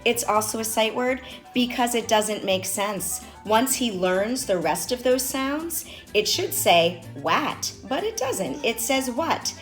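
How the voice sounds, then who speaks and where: Speaking at a measured pace in an animated, somewhat high voice, a mother in her 40s who tutors reading walks parents through a home sight-word lesson with her young son. Her manner is encouraging and instructive, and soft music plays in the background.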